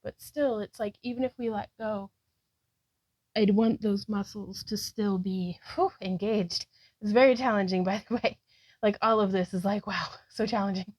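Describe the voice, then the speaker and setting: Woman, yoga vlogger talking through poses, out of breath, breathy with sighs, mellow tone, dry close sound. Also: medium pitch, steady tone, moderate pace, dry recording, rough recording. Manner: breathy, sighing between cues; upbeat, self-encouraging. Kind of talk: guided yoga practice narration.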